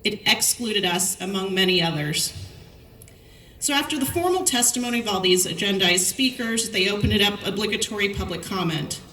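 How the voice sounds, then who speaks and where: A middle-aged woman delivers a commencement speech as lively storytelling. Her voice is bright and crisp, heard from some distance off the mic. It rings through an echoey hall over a faint wash of room noise. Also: medium pitch, moderate pace. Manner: storytelling, lively anecdotes with quoted dialogue. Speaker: commencement speaker.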